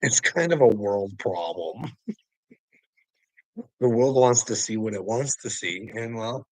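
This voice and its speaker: This livestream host speaks straight at a viewer in a mocking, profane, preachy monologue, laughing frequently and calling him "bud" and "brother." His lowish voice is expressive with a darkish tone and a slightly slow pace. There's no echo, but the recording is rough.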